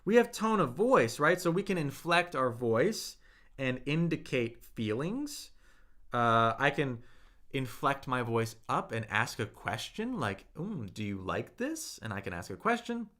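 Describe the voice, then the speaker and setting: A man's voice: mid-range voice, big pitch swings, unhurried, pushed and bright. A young man hosting a casual live-stream language lesson, upbeat and encouraging, with many fillers and "right?" tags.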